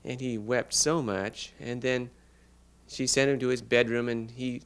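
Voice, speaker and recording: A man interpreting a child's signed story aloud, narrating a fairy tale in an unhurried, halting way with pauses. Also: medium pitch, fairly even intonation, clear, resonant tone. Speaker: sign language interpreter voicing a child.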